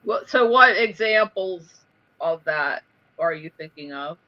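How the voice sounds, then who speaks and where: High, lively man on a dull lo-fi line. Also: unhurried, no echo. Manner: asks questions. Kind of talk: casual call-in chat. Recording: dull lo-fi sound.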